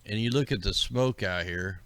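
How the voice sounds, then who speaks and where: A man with a very deep, gravelly voice that still carries a bright, forceful edge. He rambles through a casual livestream, musing suspiciously to his viewers. The sound is dry and close to the mic. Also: moderate pace, dry recording. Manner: rambling, conspiratorial, talks to chat viewers. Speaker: livestream host. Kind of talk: casual commentary over maps.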